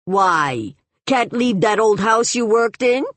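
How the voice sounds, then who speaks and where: Brash jeering woman in a storybook reading, put on by a low-voiced woman narrator, dry close sound. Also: animated, slow pace, no room sound. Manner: jeering, humoring.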